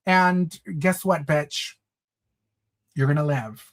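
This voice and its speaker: A man's voice: fairly high pitch, takes it slowly, fairly bright tone. Sassy, campy male livestream host. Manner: sassy and campy, calls listeners honey and girl; slips into Spanish phrases. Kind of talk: casual livestream chat with viewers.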